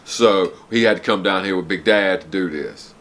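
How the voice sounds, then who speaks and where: A man's voice: low-pitched, normal speed, a bit bright. A man in his forties ranting straight to camera at home, blunt and heated, cursing and then apologizing before he winds up again. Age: 40s. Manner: heated, profane, preachy, breaks off to apologize. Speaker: vlogger. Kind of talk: blunt unscripted rant to camera. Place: home, downstairs room.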